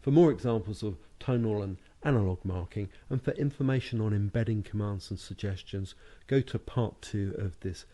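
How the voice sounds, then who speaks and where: British guy teaching hypnosis stuff, low mellow voice, slow and deliberate. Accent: British English. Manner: slow, deliberate, hypnotic phrasing with marked words. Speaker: hypnotherapy and NLP trainer. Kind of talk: recorded lesson narration over slides.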